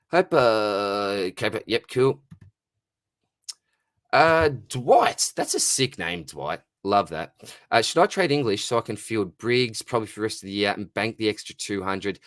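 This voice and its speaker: A man's voice: lowish voice, no room sound, studio quality. An Australian man hosting a casual live Q&A stream, laid-back and chatty, reading out viewer questions and calling everyone mate. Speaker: fantasy football livestream host.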